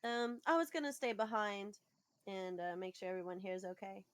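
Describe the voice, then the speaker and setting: Calm woman tabletop player. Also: mid-range voice, fairly quick. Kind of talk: in-character tabletop play.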